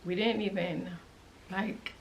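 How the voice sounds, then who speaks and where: A young woman telling a personal story to her viewers in a casual, emotional way, halting with many restarts. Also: medium pitch, fairly even intonation, vocal fry, slight background noise, rough recording. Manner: conversational and direct to viewers. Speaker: vlogger.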